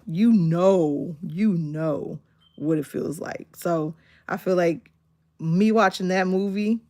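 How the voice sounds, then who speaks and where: A woman, chatting casually on a livestream and retelling a movie with lively acted-out quotes. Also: fairly low pitch, slow pace, no echo. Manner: animated storytelling, acts out quotes with laughter. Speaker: livestream host.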